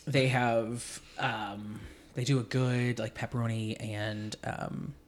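A man's voice: mid-range voice, flat delivery, slow pace. A man in his forties hosting a podcast, chatting casually, swearing freely and laughing often as he rambles through stories. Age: 40s. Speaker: podcast host. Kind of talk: casual chat.

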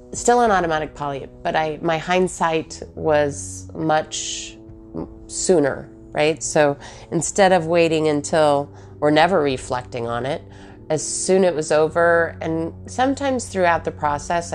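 Low, slow-talking woman musing aloud. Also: a little mellow, soft background music. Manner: thinking aloud, many fillers and self-questions. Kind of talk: reflective personal monologue.

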